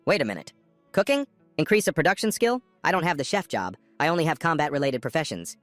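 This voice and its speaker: A man's voice: fairly high pitch, sing-song, fast, a bit bright, dry recording, faint music behind. A man voicing a flustered young male gamer hero who talks in nervous exclamations. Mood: pondering.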